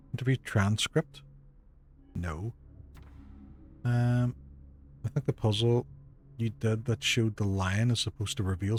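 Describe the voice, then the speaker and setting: A man's voice: fairly low pitch, slight background noise. A man with a Northern Irish Derry accent streaming a game live, thinking aloud in a chatty way and swearing casually. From Northern Ireland. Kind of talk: casual live gameplay commentary.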